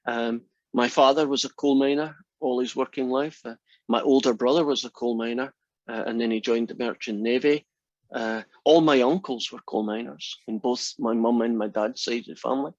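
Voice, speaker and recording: Lecturing on math, a Scottish man uses a mid-range voice at a steady, moderate pace. Relaxed and chatty, he sprinkles in dry, teasing jokes. Close, dry sound comes through a muffled lo-fi recording.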